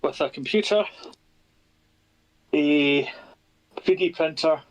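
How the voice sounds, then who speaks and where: A man with a fairly high voice joins a stream to chat. He makes short, easygoing remarks in a casual tone. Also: slow, poor audio.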